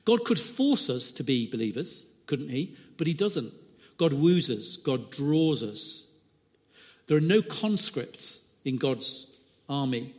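A man preaching a sermon, telling anecdotes and asking rhetorical questions. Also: fairly high pitch. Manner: animated storytelling with voiced asides and rhetorical questions. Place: church. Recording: long hall reverb.

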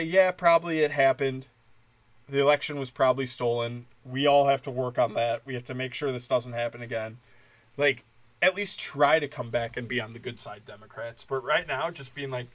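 A man's voice: mid-range voice, a bit bright. A man ranting in a heated, profane, rambling way, full of "like" fillers. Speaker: commentator. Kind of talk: profane political rant.

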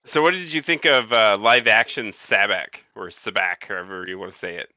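A man's voice: fairly low pitch, animated, fast, bright, forceful tone, no echo. A man in a casual film discussion podcast. He is opinionated and often stumbles and repeats words. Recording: dull lo-fi sound.

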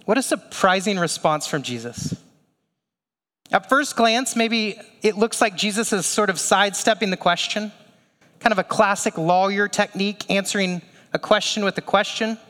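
A man's voice: high-pitched, moderate pace, bright, forceful tone, in a large hall. A male pastor preaching a sermon in a conversational way, with rhetorical asides and questions.

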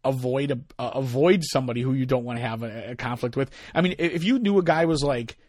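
Speaking quickly at medium pitch, a middle-aged man co-hosts a podcast, recorded cleanly in a studio with no echo. He chats casually and tells stories with animation, performing the voices of anyone he quotes.

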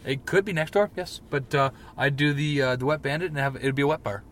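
A man's voice: on the high side, fast talker, a bit bright, a little hiss or hum. A man co-hosting a casual podcast, joking and trash-talking in loose banter. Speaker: podcast co-host. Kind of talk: casual chat.

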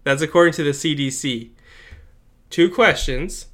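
A man co-hosting a casual podcast, reading a news story aloud with jokey asides and halting fillers. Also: on the high side, a bit bright. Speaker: podcast co-host.

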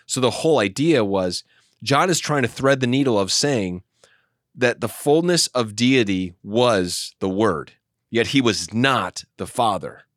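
A man, a pastor, explaining Bible passages in an animated teaching discussion, often restarting his sentences. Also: mid-range voice, a little slow, dry recording, studio quality.

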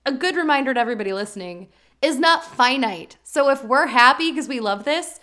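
A woman co-hosting a podcast, earnest and quick when she gets excited, in casual chat. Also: high voice. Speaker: podcast co-host.

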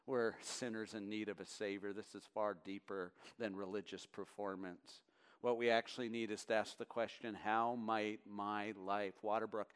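A man preaching a sermon as pastor. He is impassioned and moves from hushed, low passages to loud, emphatic peaks. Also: clear, resonant tone.

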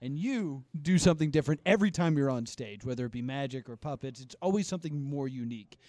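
A man's voice: mid-range voice, animated, fast, a little mellow, no room sound. A man hosting a podcast interview in a casual way, often laughing and apologizing. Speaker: podcast host.

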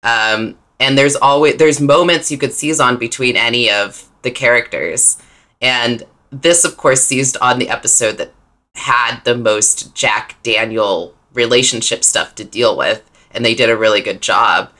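A woman co-hosting a podcast, talking through a story in an enthusiastic, rambling way with quick restarts. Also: rumbling low, sharp tone. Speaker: podcast co-host. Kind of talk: casual book-club chat.

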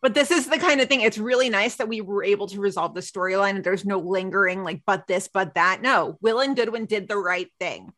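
A woman's voice: medium pitch, brisk, hardly any pauses, a bit bright. A woman co-hosting a podcast, chatting animatedly as she recaps a TV episode and acts out the characters' lines. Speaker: podcast co-host. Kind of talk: casual chat recapping a TV episode.

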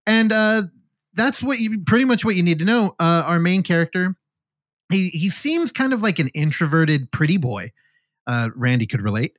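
A man's voice: sits high, sing-song, normal speed, fairly bright tone, no room sound, studio quality. A man co-hosting a casual podcast, rambling and joking as he retells a film and acts out the characters' lines. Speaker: podcast co-host.

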